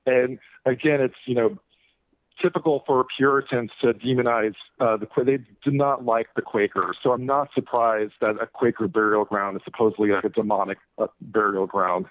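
A man who is a guest author talks casually, rambling with many fillers and restarts. His voice is mid-pitched. It comes through thin, phone-like radio audio with no room sound. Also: steady tone, moderate pace, no room sound. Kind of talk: casual interview talk.

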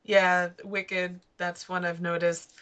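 Bright-voiced young woman, chatty. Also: on the low side, flat delivery, takes it slowly, clear, resonant tone. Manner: chatty, laughs while telling anecdotes. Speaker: student guest. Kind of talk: casual chat.

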